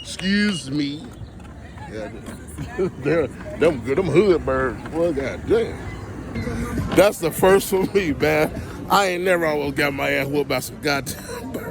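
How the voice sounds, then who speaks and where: Gravelly man vlogging on a noisy street. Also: fairly high pitch, expressive, slow pace. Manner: loud joking banter, swearing, laughing. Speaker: comedian filming a street vlog. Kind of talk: casual street vlog. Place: outdoors on a city street.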